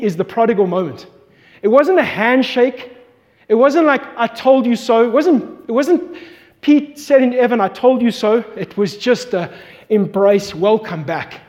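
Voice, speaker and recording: High-voiced man preaching in a hall. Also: darkish tone. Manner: storytelling, acts out voices in quotes. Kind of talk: sermon. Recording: long hall reverb.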